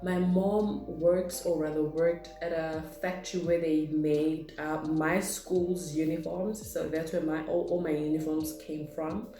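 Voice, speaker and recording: A woman's voice: sits low, fairly even intonation, a little slow, hardly any pauses, warm tone. Chatty woman, echoey room. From South Africa. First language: Zulu. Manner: chatty, rambling, reads questions aloud then answers. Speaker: vlogger. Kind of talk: casual get-to-know-me Q&A. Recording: echoey room with faint music.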